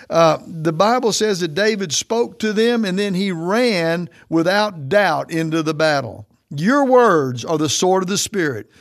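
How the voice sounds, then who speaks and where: A man preaching a sermon, emphatic and declaring, often slowing down to stress his words. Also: on the high side.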